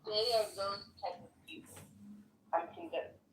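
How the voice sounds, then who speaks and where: A woman's voice: mid-range voice, very animated, measured pace, roomy sound, distant mic, a little hiss or hum, rough recording. A woman in an online audio room, chatting bluntly and giving her opinions. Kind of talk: casual chat.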